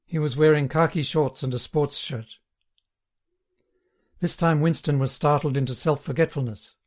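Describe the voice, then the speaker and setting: Man narrating a novel, slightly high voice. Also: fairly even intonation, moderate pace. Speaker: audiobook narrator. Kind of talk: scripted narration.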